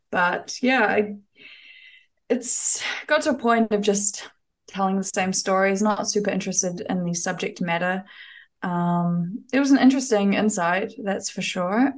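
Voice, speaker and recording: A young woman with a New Zealand accent, chatting casually as a podcast guest, laughing easily and using plenty of fillers. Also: lowish voice. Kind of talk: casual chat.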